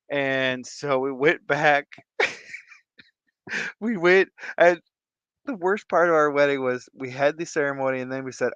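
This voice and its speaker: A man's voice: mid-range voice, moderate pace, fairly bright tone, clear, resonant tone, no echo, dull audio. A man vlogging who tells a rambling, casual story and laughs often mid-sentence. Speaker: fish-keeping vlogger.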